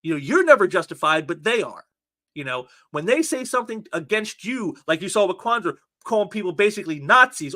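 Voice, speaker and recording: A man talks through online posts in a casual commentary, sneering and sarcastic, stumbling into repeated words. His voice sits very high and bright. His pitch swoops up and down in a lively way. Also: brisk. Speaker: commentary channel host.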